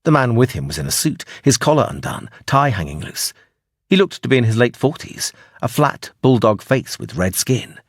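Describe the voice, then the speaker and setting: Male audiobook narrator, expressive and lively; husky, dry close-mic sound. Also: medium pitch, moderate pace, no echo.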